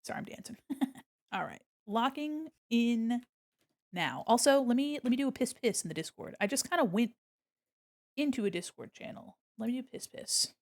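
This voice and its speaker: Drawing on a livestream, a woman chats casually with viewers in a slightly high, very animated voice at a moderate pace. She narrates each step to herself, tossing in silly jokes and bursts of laughter.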